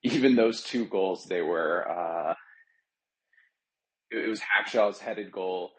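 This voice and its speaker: A man's voice: low voice, takes it slowly, poor audio. A man calling in to a fan podcast, talking earnestly and a little ramblingly about his team. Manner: earnest, a bit rambling, many fillers. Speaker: caller, regular contributor. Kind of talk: casual call-in chat.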